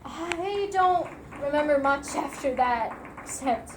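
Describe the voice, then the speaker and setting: A young woman acts out a violent young loner who grew up with only television for company. The voice sits high and swings between quiet, hushed murmurs and sudden shrill outbursts. It is delivered as a dramatic monologue, with a faint hiss of noise underneath. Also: slow pace, echoey room. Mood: eerie calm. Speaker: speech competitor.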